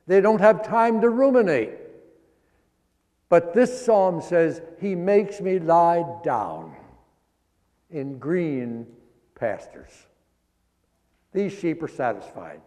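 A man preaching a sermon, explaining scripture line by line in a folksy, teaching way and slowing down to stress the verses. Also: sits high, warm tone, in a large hall. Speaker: pastor.

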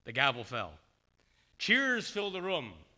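A man's voice: mid-range voice, wildly swooping pitch, a little slow, sharp tone. A man preaching a sermon, telling a story with feeling and briefly voicing the characters.

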